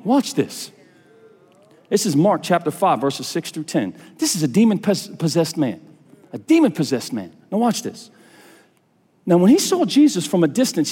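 Animated preacher man in a reverberant hall. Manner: animated storytelling preacher, rising to high fervent peaks. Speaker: pastor. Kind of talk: sermon.

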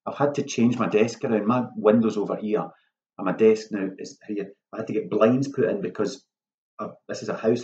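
Man, playwright, casual workshop talk, low voice, muffled lo-fi recording. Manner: lively, self-mocking, acts out lines in a hushed voice. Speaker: playwright giving a writing workshop.

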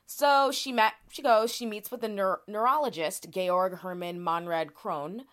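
A woman's voice: medium pitch, fairly even intonation, measured pace, fairly bright tone. Woman, podcast co-host, casual and chatty, explains step by step, frequent fillers.

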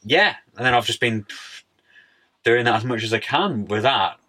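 Young man, casual interview chat, bright tone, laid-back slangy talk. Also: mid-range voice, expressive, moderate pace. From United Kingdom. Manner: chatty, says "mate" and "like" a lot, laid-back slang. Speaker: podcast guest.

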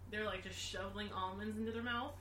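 A naturally loud, playful woman co-hosts a podcast, cracking puns and laughing often. She sits slightly off-axis from a directional mic, so she sounds a little distant, with faint background hiss. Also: medium pitch, fairly even intonation, quick pace, roomy sound. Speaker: podcast co-host. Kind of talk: casual chat. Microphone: off-axis from a directional mic, a bit distant.

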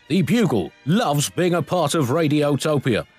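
A man's voice: a little high, expressive, normal speed, darkish tone, breathy edge, soft background music. A man hosting a comedy podcast, telling a mock-historical tale in a wry, playful way. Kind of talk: comic storytelling and sign-off.

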